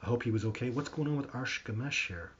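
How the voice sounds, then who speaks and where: A man hosting a live stream, answering viewer questions in a rambling, animated storytelling way with lots of restarts. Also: mid-range voice, quick pace, a little hiss or hum. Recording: dull lo-fi stream audio.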